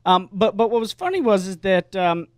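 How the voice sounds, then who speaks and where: A man's voice: high-pitched, big pitch swings, normal speed, clean tone, dry recording, clean studio sound. A man hosting a casual radio talk show, telling stories with lots of energy and frequent restarts. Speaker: host.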